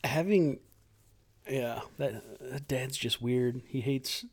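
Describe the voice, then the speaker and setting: A man's voice: medium pitch, takes it slowly. A man co-hosting a podcast, talking casually and sardonically about a movie. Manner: sardonic, laughs easily. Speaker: podcast co-host. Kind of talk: casual chat reviewing a movie.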